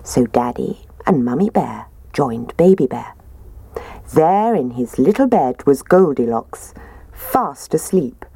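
Woman reading a bedtime story, low gravelly voice, slow and very expressive, dry close sound. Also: no room sound. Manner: expressive, playful character voices.

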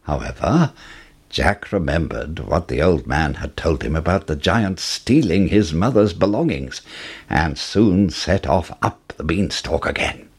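A man narrating a fairy tale in an expressive storybook style. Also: deep voice, a little slow, husky.

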